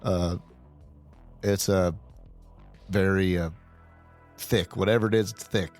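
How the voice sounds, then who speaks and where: A man co-hosting a podcast, talking about a movie in halting, casual chat. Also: low-pitched, fairly even intonation, a little mellow, faint music behind. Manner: halting, lots of back-channel murmurs. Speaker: podcast co-host.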